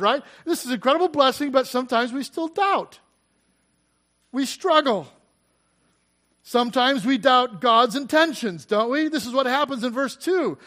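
A man's voice: extremely high pitch, very animated, measured pace, a bit bright. A middle-aged male pastor preaching a sermon, building emphasis and asking rhetorical questions.

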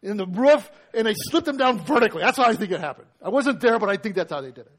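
High-voiced male preacher telling a story. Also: fast. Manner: lively storytelling, acting out scenes and quotes. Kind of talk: sermon.

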